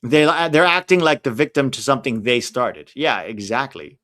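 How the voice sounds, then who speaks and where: Male stream host, casual and opinionated, reacts loudly to the play. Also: medium pitch, sing-song, moderate pace. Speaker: livestream watch-along host. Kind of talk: casual live match commentary.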